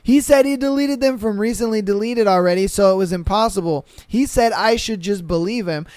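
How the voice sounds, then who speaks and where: A man with a high voice hosts a podcast, reading listener stories aloud and breaking off to riff on them in lively slang. He talks into a close, dry mic with no room sound. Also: fairly quick, clean tone, dry recording. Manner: animated, slangy, acts out quotes in voices. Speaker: podcast host.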